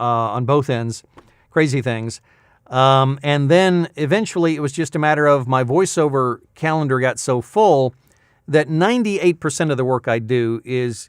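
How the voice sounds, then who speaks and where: A man's voice: mid-range voice, clear, resonant tone, dry recording, clean studio sound. A man in his fifties, a voice-over artist chatting in a rambling casual vlog recap with many fillers. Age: 50s.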